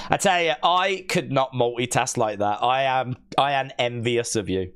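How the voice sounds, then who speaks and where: A man hosting a live stream, reading viewer comments aloud in casual, playful chat and teasing them, often leaping into a high mock-outraged voice. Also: moderate pace, fairly bright tone. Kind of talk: casual watch-along chat.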